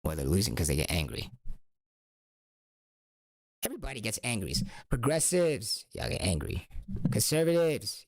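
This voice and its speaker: A man hosting a meditative monologue podcast, swinging between whispers and loud lines. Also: medium pitch, very animated, normal speed, pauses often, no echo, clean studio sound. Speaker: podcast host.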